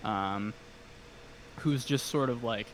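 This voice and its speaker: A man talking as a guest on a casual podcast, pitched in an ordinary middle range. He hesitates a lot, filling gaps with ums and restarting his sentences, yet stays eager and enthusiastic. A faint hiss sits under the voice. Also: slow pace. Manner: enthusiastic fan talk.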